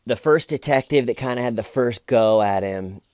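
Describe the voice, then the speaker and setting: A man's voice: medium pitch, normal speed, darkish tone, clean tone, no echo, studio quality. A man giving mocking, rambling commentary on a true crime case, often restarting his sentences. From United States. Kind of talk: casual video commentary.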